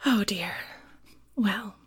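A woman's voice: mid-range voice, drawn-out words, breathy edge. A woman hosting and chatting casually, self-deprecating and nervous, often dropping into a whisper and laughing. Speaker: host reading listener scripts. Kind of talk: casual chat.

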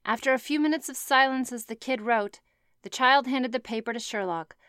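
Sarcastic lady reading a story out loud and roasting it, swears a lot, smooth voice, dry sound. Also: high voice, moderate pace, no room sound. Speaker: fan fiction reader. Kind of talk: reading a story aloud with commentary.

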